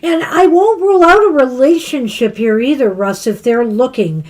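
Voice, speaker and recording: A woman reading tarot on a live stream, talking casually and laughing between thoughts. Her somewhat high voice is a little hoarse, as she is losing it. She drifts and loses her place now and then. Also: moderate pace, a little mellow. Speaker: tarot reader co-host.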